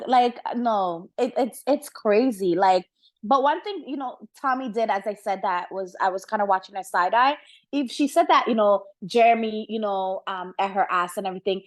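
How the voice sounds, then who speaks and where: A woman hosting a podcast, giving casual gossip commentary in an animated, slangy way, laughing often and using many fillers. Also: medium pitch, moderate pace. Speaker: podcast host.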